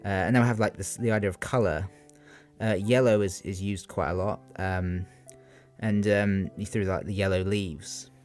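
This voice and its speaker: Young guy with a lowish voice doing revision notes out loud, lots of ums, keeps asking questions, soft music under it. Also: steady tone, moderate pace. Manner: hesitant, many ums and rhetorical questions. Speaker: student giving exam revision. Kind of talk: unscripted revision talk.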